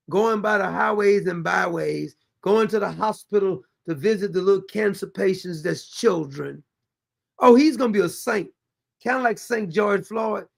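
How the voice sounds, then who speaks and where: Mocking high-voiced man with a gravelly edge. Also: a little mellow. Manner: mocking, exasperated, sarcastic; reads viewer comments aloud. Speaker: commentary show host. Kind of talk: reaction commentary on clips.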